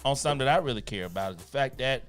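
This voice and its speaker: A man's voice: medium pitch, animated, rapid-fire, clean tone, soft background music. A man co-hosting a podcast, opinionated and cursing freely in casual banter. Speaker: podcast co-host. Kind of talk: casual profane talk-show banter.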